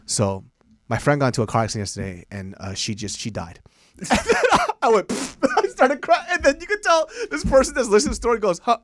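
Male comedy podcast co-host, very expressive pitch, swears freely, bursts into laughter, dry close mic. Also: fast, no room sound. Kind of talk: casual comedy podcast chat.

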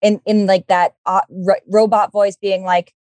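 A woman's voice: medium pitch, little pitch movement, measured pace, a little mellow, dry recording. A woman hosting a podcast, talking in a bubbly, gushing way, laughing often and swearing casually. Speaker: podcast host.

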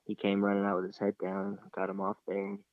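A man's voice: lowish voice, monotone, fast, creaky, no echo, phone-quality sound. A young man casually retelling a hunting story, rambling and acting out the dialogue. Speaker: hunter telling a story.

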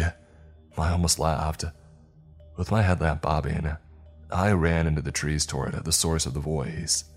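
Brief: male horror narrator, deep and breathy, steady first-person storytelling. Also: a little slow, long pauses, faint music behind.

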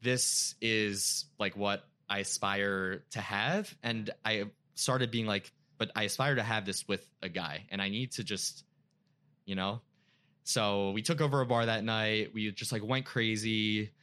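Young guy spilling a big personal story, bright voice, kinda low, says like a lot. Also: steady tone, measured pace, clear, resonant tone. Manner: emotional storytelling, lots of "like" fillers. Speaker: podcast guest. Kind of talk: casual chat.

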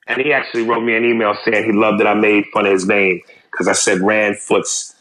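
A man's voice: lowish voice, level tone, a little fast, few pauses, fairly bright tone, low-quality recording. A man co-hosting a podcast, blunt and teasing in casual chat, reading listener emails aloud. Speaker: podcast co-host.

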